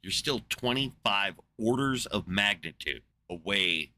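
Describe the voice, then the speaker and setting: A man's voice: deep voice, expressive, unhurried, bright, forceful tone, a little hiss or hum. A man hosting a podcast in casual chat, rambling and sarcastic with a lot of swearing. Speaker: podcast host.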